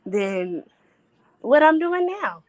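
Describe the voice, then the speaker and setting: A woman's voice: on the high side, very animated, slow pace, no echo. A young woman in her early twenties, a guest in a casual chat, talking in a chatty, agreeable way. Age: 20s.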